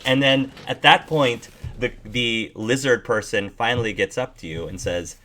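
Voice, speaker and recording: A man's voice: mid-range voice, pushed and bright. Hesitant male game master narrating. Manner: halting, filler-heavy, laughing.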